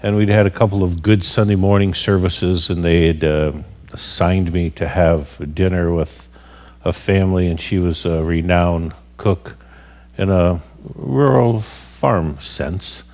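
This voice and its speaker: A man's voice: sits low, measured pace, darkish tone, big-room sound. A man preaching as a guest speaker, telling a story in a conversational, wry way. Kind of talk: sermon storytelling.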